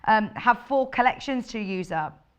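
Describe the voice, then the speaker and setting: A woman with a low, husky voice, chatting in a bubbly way as she presents a live TV shopping show. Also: lively intonation, moderate pace. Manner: bubbly, chatty, laughs often. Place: TV studio.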